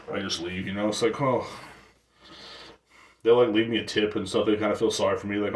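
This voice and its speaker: A man's voice: lowish voice, little pitch movement, normal speed, long pauses. Rambling profane man, roomy distant sound. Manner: loose, slangy and profane, with rambling restarts. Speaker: show host. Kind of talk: casual rant on a stream talk show.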